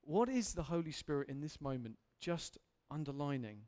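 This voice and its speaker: High-voiced man preaching a sermon. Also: sing-song, moderate pace, a little mellow. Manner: earnest, candid, rising to emphatic intensity. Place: church hall.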